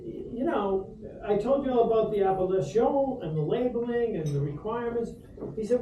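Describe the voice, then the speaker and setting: A middle-aged man from Rhode Island giving a humorous, rambling toast to dinner guests in a restaurant, with lots of ums. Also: sits high. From Rhode Island, USA. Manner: humorous anecdotal storyteller, many fillers. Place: restaurant dining room. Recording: roomy echo from far off, background noise.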